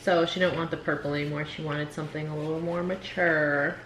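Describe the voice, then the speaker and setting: A woman in her thirties co-hosting a casual chat at home while eating, teasing her partner with quick comebacks. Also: sits low, fairly even intonation, fairly bright tone, slight background noise. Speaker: co-host. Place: living room at home. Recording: echoey room, faint music.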